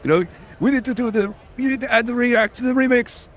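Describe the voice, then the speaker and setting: A man putting on the voice of a gruff action-movie hero barking orders, loud and strained. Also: very high voice, quick pace, pitched above the performer's own voice.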